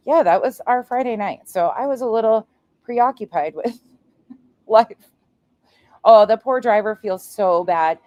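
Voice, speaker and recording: The voice is fairly low and has no room sound. It belongs to a forties-aged woman who streams true crime and tells her stories with animated energy in casual livestream chat, blunt and full of profanity.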